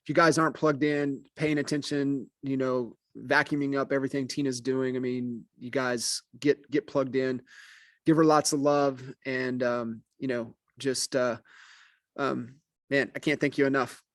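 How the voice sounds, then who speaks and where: A man's voice: medium pitch, level tone, moderate pace, no room sound, studio quality. A man hosting a podcast interview, effusive in his thanks and full of ums and you-knows. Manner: effusive with many fillers. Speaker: podcast host. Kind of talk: conversational interview.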